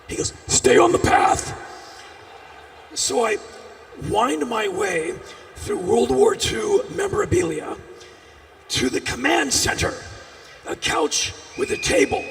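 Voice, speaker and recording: A man performing a live storytelling monologue on a festival stage, animated, with bursts of shouting. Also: very high voice, vocal fry. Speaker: spoken-word performer. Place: large outdoor festival stage. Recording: echoey stage sound from a distance.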